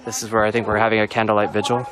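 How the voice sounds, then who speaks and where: A man's voice: on the low side, completely flat delivery, very fast, crowd noise. A man live-streaming from a street protest outdoors, talking in blunt, sardonic commentary and swearing casually.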